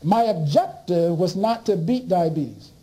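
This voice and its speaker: A man with a very dark, mellow voice tells his story to listeners at an unhurried pace. His pitch swings widely as he acts out the other people's lines, and he often restarts his sentences. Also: poor audio. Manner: animated, acts out dialogue with doctors. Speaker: speaker and author. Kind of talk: storytelling talk.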